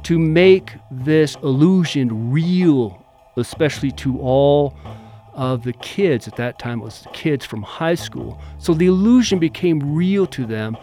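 A man's voice: fairly high pitch, measured pace, soft background music. A middle-aged man casually telling a story from his own life, acting out the quoted lines as he goes. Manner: animated, acts out quotes. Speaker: interviewee, former bodyguard.

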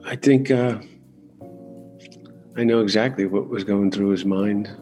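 A middle-aged man talking candidly as an interview guest, halting and restarting often as he searches for words. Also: on the low side, warm tone, faint music behind. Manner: halting, with frequent restarts and fillers.

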